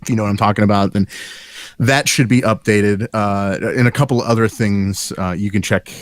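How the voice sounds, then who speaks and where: A man's voice: on the low side, fairly even intonation, a little fast, dry recording. A man co-hosting a casual live-stream chat about games, rambling with lots of "uh" fillers and restarts. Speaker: show co-host.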